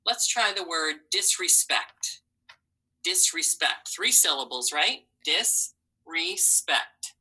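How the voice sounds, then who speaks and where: A woman teaching a phonics lesson to young children, slowly sounding out letters and syllables with encouraging praise. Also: fairly low pitch, sing-song, pushed and bright, husky, low-quality recording.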